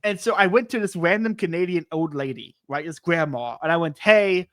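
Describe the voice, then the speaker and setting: A man who hosts a podcast, telling stories in a casual, excitable and rambling way, often restarting his sentences. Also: fairly high pitch, brisk, no room sound, studio quality. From United States. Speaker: podcast host. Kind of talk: casual storytelling chat.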